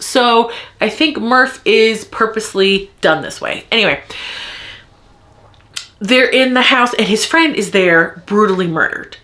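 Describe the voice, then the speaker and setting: A woman's voice: mid-range voice, bright, forceful tone. A woman giving a casual vlog book review as a heated rant, swearing often and repeating lines for emphasis. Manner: heated ranting, frequent swearing.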